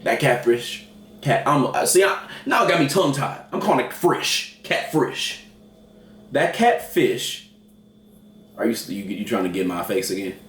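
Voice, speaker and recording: A man's voice: medium pitch, lively intonation, moderate pace, a bit bright. A man co-hosting a casual food review, playful and given to dramatic bursts, his voice rising and falling a lot. He sounds a bit distant from the mic in an echoey room. A faint hum of noise sits behind him.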